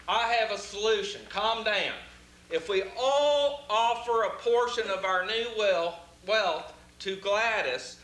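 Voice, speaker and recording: A man's voice: high-pitched, pushed and bright, exaggerated voice. A man playing a scheming lawyer. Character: scheming smooth-talking male lawyer. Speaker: community theater actor. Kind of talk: stage play acting. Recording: roomy stage recording, faint hiss.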